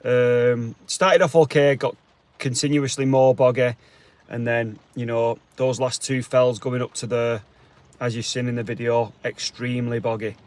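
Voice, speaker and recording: A hiking vlogger from England with a Liverpool accent vlogs a rainy hike outdoors on wet fells and later in a car, chatting cheerily to his viewers and calling them legends. His medium-pitched, darkish voice is measured, with little pitch movement, and the recording is dry. The casual walking vlog is chatty and full of slang.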